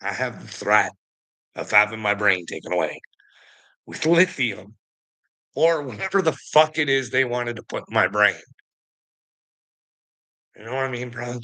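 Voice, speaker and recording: A man's voice: medium pitch, lively intonation, unhurried, long pauses, bright, forceful tone. A man telling a rambling story to a friend in casual chat, swearing a lot and laughing often mid-sentence. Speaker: vlogger.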